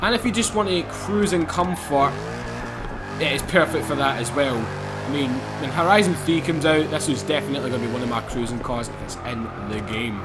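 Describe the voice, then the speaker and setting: A man giving excitable, laughing gameplay commentary as he drives in a racing game. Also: mid-range voice, a little fast, over loud music. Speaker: gaming YouTuber.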